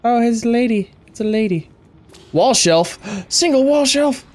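A man giving excitable let's play commentary, thinking aloud and gasping at each new find. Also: very high voice, a little slow. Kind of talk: gameplay commentary.

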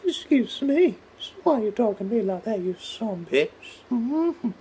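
Man putting on a shrill old lady, indignant, lively sing-song, mellow tone. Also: normal speed, slight background noise. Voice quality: shrill falsetto.

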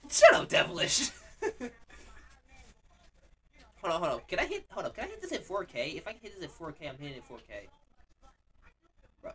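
A young male streamer giving casual, jokey reaction commentary, excitable and rambling with lots of slang. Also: a little high, rapid-fire, hardly any pauses, slightly rough.

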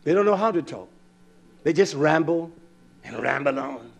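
A man preaching a sermon, reading scripture aloud and scolding his listeners bluntly, swinging from loud outbursts to low mutters. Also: animated, moderate pace, creaky, breathy edge.

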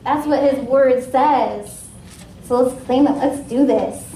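A woman from Washington State sharing a personal testimony at a ministry meeting, in a casual, lively way with many fillers. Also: high voice, slow, recorded from a distance, slight background noise. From Washington State, USA. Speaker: guest speaker at a ministry. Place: ministry meeting room with a live audience. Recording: echoey room, voice from off-mic.

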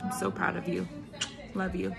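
Brief: loving mom, lower-pitched, near tears, heartfelt recorded message. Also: female voice, completely flat delivery, moderate pace, gravelly, over music. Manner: tender and tearful, fighting back tears. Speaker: mother giving a graduation message.

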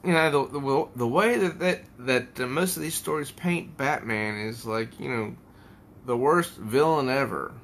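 Slow-talking bright-voiced man reviewing comics. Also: medium pitch, a little hiss or hum. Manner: rambling, thinks aloud while paging through a comic. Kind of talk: casual spoken comic review. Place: at home.

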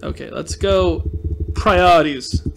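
A young man with a notably high-pitched voice gives casual let's play commentary. He is excitable and self-mocking, yelping and groaning as each shot lands or misses. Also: slow pace, creaky, slight background noise. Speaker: gaming video host.

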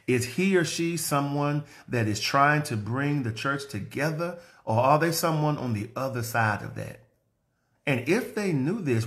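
Bright-voiced preaching man. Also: a little high. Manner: storytelling, acting out both sides of a conversation. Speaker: pastor. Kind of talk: sermon.

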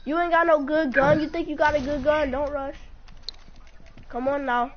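A woman's voice: high-pitched, steady tone, moderate pace. A woman streaming a video game, teasing and trash-talking her opponent in boisterous chat, laughing often. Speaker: gamer streaming a match. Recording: muffled lo-fi stream with loud noise.

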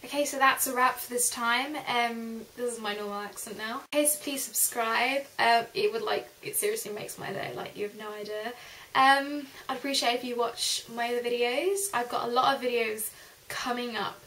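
A woman's voice: fairly high pitch, fairly even intonation, normal speed, sharp tone, poor audio. A young woman vlogging at home, chatty and rambling with lots of fillers. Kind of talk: casual vlog chat.

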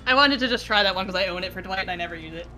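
A woman's voice: medium pitch, rapid-fire, bright, forceful tone, slight background noise. A woman streamer chatting casually from her home gaming room, rambling and poking fun at herself. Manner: rambling, self-deprecating.

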